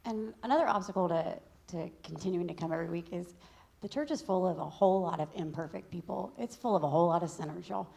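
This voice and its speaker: A Texan woman shares the pulpit, reading scripture aloud and breaking in with candid, joking asides. Her voice sits a little low for a woman. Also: fast talker, gravelly, warm tone, husky. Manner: candid and joking, says y'all. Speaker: pastor's wife co-teaching.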